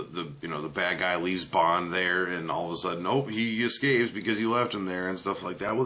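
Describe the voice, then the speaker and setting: A man's voice: on the low side, a bit bright. A man giving a casual, ranting movie review, blunt and profane, with many filler words.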